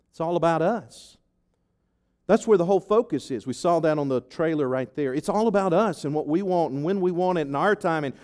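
A pastor with a slightly high voice preaches a sermon to his congregation, animatedly telling stories and reading scripture.

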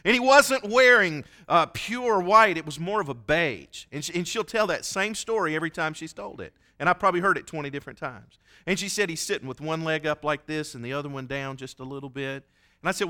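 A man's voice: fairly high pitch, fairly quick, bright, forceful tone. A man preaching a sermon, telling a story in an earnest, folksy way. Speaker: pastor. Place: church.

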